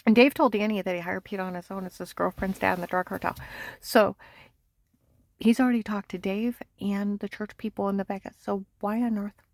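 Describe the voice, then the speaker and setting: Gravelly, agitated woman ranting. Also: medium pitch, fairly even intonation, brisk. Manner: agitated, insistent, repeats herself. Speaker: vlogger. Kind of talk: rambling personal monologue.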